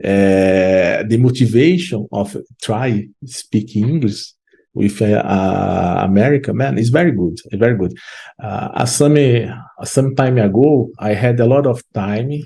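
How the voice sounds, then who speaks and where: A man's voice: fairly low pitch, unhurried, creaky, dark tone. A man from Brazil with a Brazilian Portuguese accent, a guest in an English-learning interview, speaking hesitantly with many fillers and restarts. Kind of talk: casual interview.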